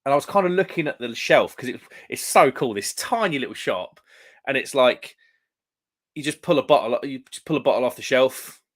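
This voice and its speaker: A man's voice: mid-range voice, lively intonation, brisk. Young British man, rambling live stream host, casual beer-chat delivery. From United Kingdom. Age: young adult. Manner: rambling, chatty, lots of fillers and restarts.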